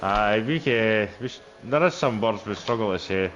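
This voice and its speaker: A man's voice: on the low side, moderate pace, lo-fi sound, background noise. A man with a Stirling Scottish accent, chatting and laughing casually while driving a sim race. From Scotland. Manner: chatty, laughs often, broad Scots words. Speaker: sim racing league driver. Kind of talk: casual chat while racing.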